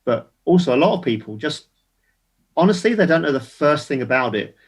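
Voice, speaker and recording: A man's voice: fairly high pitch, sing-song, fairly quick, slightly rough. An older man, a guest activist on a casual online panel, making emphatic, indignant points and repeating words as he builds them.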